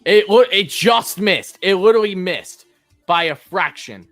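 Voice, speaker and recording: A man doing live play-by-play fan commentary, chatting with his viewers and swinging between calm pitch calls and loud outbursts. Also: a little slow, no room sound, soft background music.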